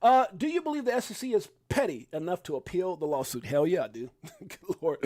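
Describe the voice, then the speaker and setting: Brief: high-voiced Chicago man, rapid-fire livestream host, dry close sound. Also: dry recording. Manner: fast, excitable, shouting out viewers. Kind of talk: hyped casual livestream chat.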